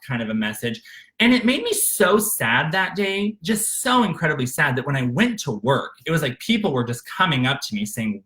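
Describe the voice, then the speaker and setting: Bright, lively man telling his own story. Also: fairly high pitch, moderate pace. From Arkansas, USA. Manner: candid and emotional, with frequent fillers and restarts. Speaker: author narrating his memoir. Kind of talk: unscripted memoir narration.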